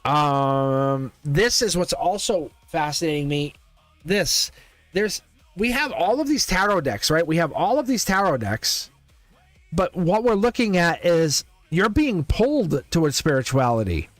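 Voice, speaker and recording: A man giving a live-streamed tarot reading in a playful, animated way, laughing often and repeating his phrases. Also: fairly high pitch, unhurried, dry recording, soft background music. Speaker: tarot reader.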